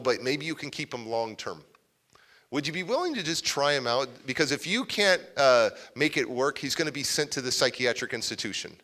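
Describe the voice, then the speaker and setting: A male motivational speaker telling a story at a live event in a large hall. He has a bright, forceful voice and an animated way of talking. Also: a little high. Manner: animated, acts out scenes. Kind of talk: storytelling keynote talk. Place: large civic center hall, live audience.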